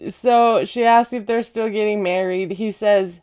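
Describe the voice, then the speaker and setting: A woman recapping a reality show in casual chat, sarcastic and quick to laugh at her own jokes. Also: mid-range voice, steady tone, darkish tone, clean tone. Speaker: recap vlogger.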